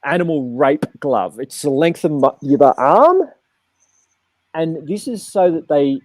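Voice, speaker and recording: A man with a fairly high voice talks as a guest activist. He gives blunt, forceful advice and repeats his phrases. The sound is dry and close. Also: no echo. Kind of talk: casual chat.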